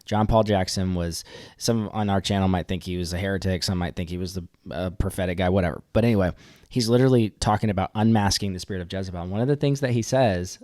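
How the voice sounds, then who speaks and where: A man co-hosting a podcast, chatting in an animated, jokey, rambling way. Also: low voice, quick pace, no room sound, clean studio sound. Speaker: podcast co-host. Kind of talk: casual commentary chat.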